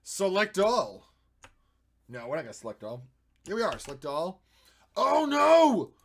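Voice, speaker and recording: A man streaming while he edits photos, chatting and thinking aloud, with playful sound effects and jumps between loud and quiet. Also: a little high, big pitch swings, moderate pace. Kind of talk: casual live-stream commentary.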